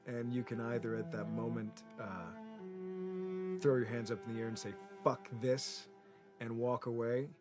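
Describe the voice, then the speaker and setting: Sex: man. Style: documentary interview. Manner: emphatic. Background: clear music. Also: mid-range voice, steady tone, moderate pace.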